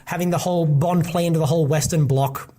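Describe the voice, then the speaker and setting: This young podcast co-host chats casually and talks fast, wandering off-track with frequent fillers and false starts. His voice is on the high side with a dark tone and fairly even intonation.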